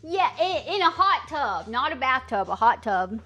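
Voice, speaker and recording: A woman's voice: high-pitched, very animated, moderate pace, sharp tone, faint music behind. An American woman streamer chatting casually with her viewers, playfully trying out clumsy French phrases. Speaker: livestreamer.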